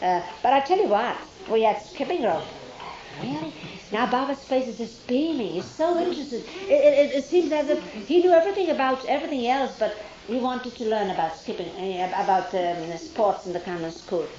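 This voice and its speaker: A woman telling a story from her youth to a group, acting out the remembered dialogue with lively pitch jumps and some hesitant fillers. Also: a little fast, hardly any pauses. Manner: animated, acts out remembered dialogue with rising pitch; hesitant fillers and self-corrections. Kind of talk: informal spoken memoir to a listening group. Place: hall. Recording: dull, roomy hall recording with faint hiss.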